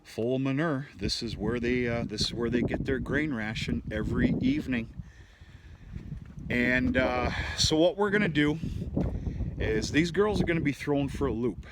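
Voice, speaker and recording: A man running a cattle farm, talking through his chores in a casual, rambling, folksy way with the odd curse. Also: mid-range voice. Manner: folksy, rambling, with frequent restarts and mild cursing. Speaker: cattle farmer. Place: outdoors in a farm feedlot. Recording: noisy outdoor recording.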